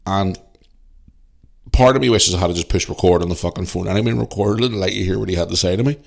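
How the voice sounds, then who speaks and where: A man's voice: sits low, fast, creaky. A man from Northern Ireland with a Northern Irish accent, hosting a podcast and telling a story in a blunt, heavily swearing way. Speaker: podcast host. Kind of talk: casual storytelling.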